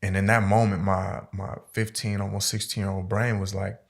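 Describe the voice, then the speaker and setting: Podcast guest, man, gravelly and lowish; slangy, swearing, lively storyteller. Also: moderate pace. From Stockton, California. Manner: profane, slangy, animated storyteller. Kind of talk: casual storytelling interview.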